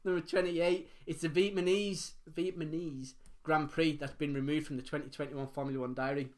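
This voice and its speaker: A man's voice: fairly high pitch, level tone, a little mellow. A man hosting a casual live quiz from his home dining room, reading out answers and chatting between them. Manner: reads answers briskly, chats and laughs between. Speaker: quiz host.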